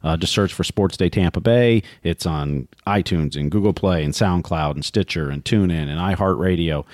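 A man co-hosting a sports podcast, briskly reading listener mail and giving plugs. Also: low-pitched, a little mellow, no room sound, studio quality. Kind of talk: casual chat.

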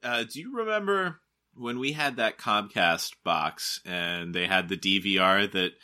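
Low bright-voiced man cracking crude jokes. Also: unhurried. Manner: laid-back, crude jokes. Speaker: podcast co-host. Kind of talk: casual chat.

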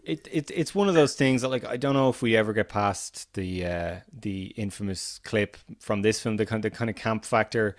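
A man with an Irish accent hosting a film podcast, animated and opinionated, often restarting his sentences. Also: on the low side, moderate pace, few pauses, no echo, clean studio sound. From Ireland. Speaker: podcast host. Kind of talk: casual film podcast chat.

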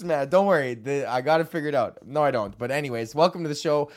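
A man's voice: a little high, fast, few pauses. A young man from Canada hosting his own podcast, rambling casually while stoned, swearing a lot and laughing often. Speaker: podcast host.

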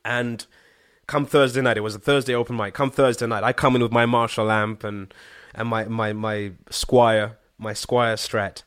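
A man from Zimbabwe, a guest singer-songwriter, telling a story in casual chat, animated and slangy, with frequent swearing and fillers. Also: mid-range voice, normal speed, clean tone, no echo, studio quality.

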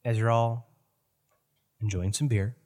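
A man's voice: mid-range voice, fairly even intonation, measured pace, darkish tone. A man narrating as game master in a tabletop game, loose and joking.

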